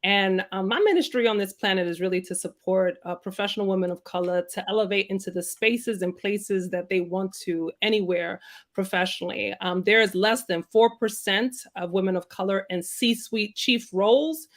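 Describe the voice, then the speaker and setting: Woman, 40s, New York accent, earnest, measured, podcast guest. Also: mid-range voice. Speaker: guest, leadership coach.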